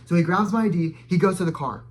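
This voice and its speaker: A young adult man telling a dramatic personal story in casual storytime style, full of "like" fillers and sudden loud, high bursts. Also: fast. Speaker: storytime vlogger.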